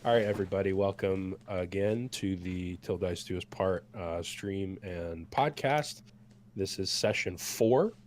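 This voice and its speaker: A man with a hoarse, sick voice from a cold, game master recapping a tabletop session in an easygoing way with lots of ums. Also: low voice, a little slow, darkish tone. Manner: easygoing, many filler ums.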